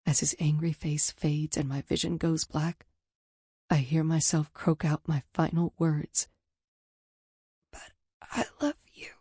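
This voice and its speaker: A woman's voice: sits low, level tone, unhurried, warm tone, breathy edge, no echo, studio quality. A woman narrating a first-person audiobook in an intimate, candid storytelling manner.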